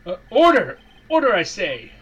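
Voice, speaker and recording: A man's voice: sits high, huge pitch swings, normal speed, fairly bright tone, husky, pitched above the performer's own voice, heavily acted. A man voicing a pompous, flustered elderly male judge with a formal, declaring tone.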